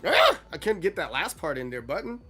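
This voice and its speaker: A man casually commenting on his live stream, chatty and animated as he talks to his chat between rounds. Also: a little high, fast. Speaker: game streamer.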